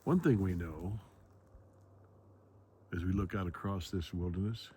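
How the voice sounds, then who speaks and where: A man vlogging outdoors in the woods, musing slowly and philosophically as he walks. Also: low voice, dark tone, a little hiss or hum. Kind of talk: reflective outdoor vlog narration.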